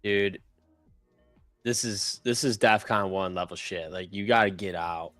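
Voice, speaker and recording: A man's voice: low voice, a little slow, a bit bright, no echo, soft background music. A man co-hosting a casual chat, laid-back and swearing offhandedly. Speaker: co-host.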